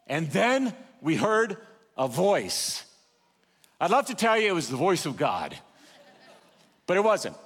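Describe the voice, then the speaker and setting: An older male pastor delivers a sermon in a church auditorium, his storytelling rising and falling in loudness and pace. His voice is fairly high for a man and swings widely in pitch. A long reverb trails behind him from the large hall. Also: big pitch swings, a little slow, long pauses, slightly rough.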